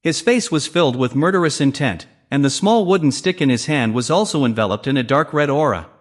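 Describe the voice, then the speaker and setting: A man's voice: medium pitch, animated, fairly quick. A man narrating a comic story recap, reading all the characters' lines in his own voice.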